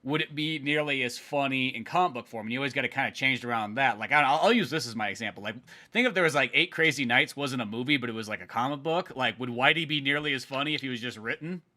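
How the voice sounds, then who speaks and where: A man hosting a podcast, musing out loud in a casual way, leaning heavily on "like" and "kinda". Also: medium pitch. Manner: quick, musing, heavy use of "like" and "kinda". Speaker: podcast host and comic artist.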